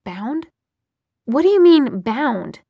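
Sharp urgent young woman, audiobook, woman reading her, higher dry voice. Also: moderate pace, no room sound, natural voice. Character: young woman, fierce and incredulous.

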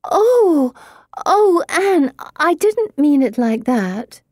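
A woman playing a whiny, high-voiced teenage girl. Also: lively intonation, unhurried, warm tone, dry recording, clean studio sound. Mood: plaintive.

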